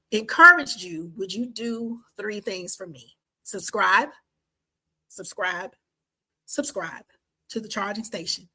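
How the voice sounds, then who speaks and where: A woman in her fifties from Washington, D.C. and the Carolinas hosts a faith-based podcast, closing the episode with an outro in which she talks enthusiastically and prays like a preacher. Her mid-range voice sounds pushed and bright, and the recording quality is low.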